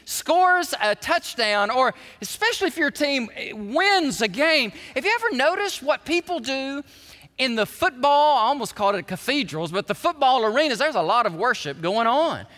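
A man, a pastor preaching a sermon, animated and shifting between quiet prayer and loud shouting. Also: very high voice, normal speed. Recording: reverberant hall.

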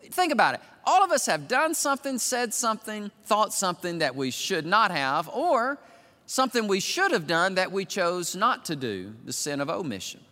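An older man preaching as a pastor, moving from quiet musing to loud, emphatic declarations. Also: sits high, big pitch swings, moderate pace. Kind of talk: sermon. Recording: long reverb of a large hall.

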